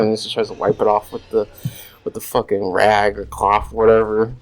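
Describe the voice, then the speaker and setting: A man with a fairly low, level voice talks a little fast as he games at home, rambling through a crude story thick with profanity and filler words. The rough recording comes from a desk USB microphone, with faint noise and mouse clicks in the background.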